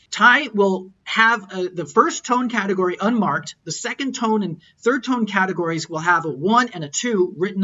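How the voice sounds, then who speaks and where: A man's voice: sits high, a bit bright, lo-fi sound. A man teaching a recorded lecture, explaining and repeating words as he models tones aloud. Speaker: language teacher.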